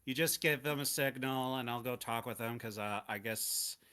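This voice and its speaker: A man's voice: medium pitch, moderate pace, pushed and bright, clean tone. A man playing a tabletop game, talking hesitantly with plenty of "uh"s and swearing when flustered. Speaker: player. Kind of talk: tabletop role-play banter.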